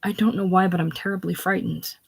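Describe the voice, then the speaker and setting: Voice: medium pitch, fairly even intonation, a little fast, creaky, slight background noise, pitched above the performer's own voice, natural voice. Eva, a frightened young woman pleading, as read by a casual reader. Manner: pleading, shaky.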